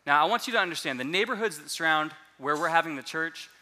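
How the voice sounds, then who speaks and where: Male pastor giving a sermon testimony; animated, a bit high-pitched, bright and forceful delivery. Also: quick pace. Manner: animated storytelling, repeats words when restarting.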